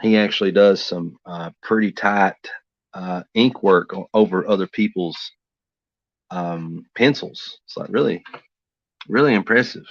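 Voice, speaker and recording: An artist streaming a drawing session speaks in a deep, unhurried voice with no echo, on dull, dry lo-fi audio. Easygoing, he rambles casually and talks to himself while working.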